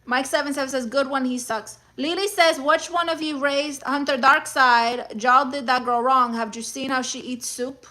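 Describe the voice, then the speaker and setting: A woman's voice: high voice, fairly even intonation, normal speed, few pauses, sharp tone. A woman playing a brash, self-assured woman who sassily mocks advice and chat while dropping Spanish words. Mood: sassy, scornful. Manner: sassy, scornful, interjects Spanish words. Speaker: livestream comedy host reading chat and a self-help book. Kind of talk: live-streamed character comedy.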